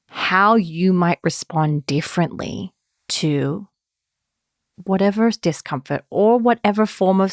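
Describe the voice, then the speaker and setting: A woman's voice: medium pitch, darkish tone, dry recording, clean studio sound. A woman therapist hosting a podcast, explaining in a conversational way and often checking in with the listener. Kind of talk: podcast talk.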